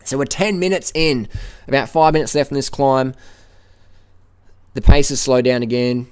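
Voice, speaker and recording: A middle-aged man gives live commentary while riding a bike up a hill outdoors. He narrates with excited play-by-play and repeats his phrases, on a camera mounted on the bike or rider. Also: medium pitch, normal speed, clean tone. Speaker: cycling vlogger.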